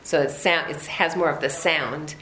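A woman teaching a text study class, explaining patiently with animated asides and frequent checks of "right?". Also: deep voice, normal speed. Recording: roomy echo, faint room noise.

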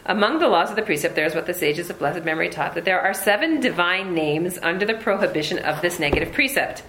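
A woman teaching a text study class, explaining patiently with animated asides and frequent checks of "right?". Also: fairly low pitch, quick pace. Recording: roomy echo, faint room noise.

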